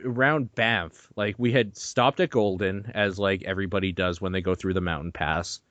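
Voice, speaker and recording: A young man with a lowish voice tells a story on a podcast, animated and profane, laughing as he goes. The sound is dry and a little dull, like a lo-fi home recording. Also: moderate pace, no room sound. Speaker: podcast host. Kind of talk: casual chat.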